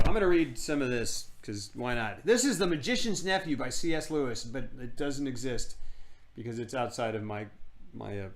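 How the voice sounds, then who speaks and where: A man's voice: mid-range voice, lively intonation, normal speed. A man streaming live, telling a rambling comic story in casual chat.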